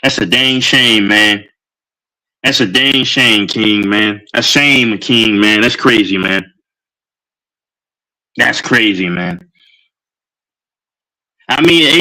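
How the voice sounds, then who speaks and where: A man's voice: fairly low pitch, slow pace, long pauses, bright, forceful tone, poor audio. A man with a Texan accent, hosting a live stream in hyper, rambling casual chat while on a sugar rush. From Texas. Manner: hyper and rambling, with many fillers.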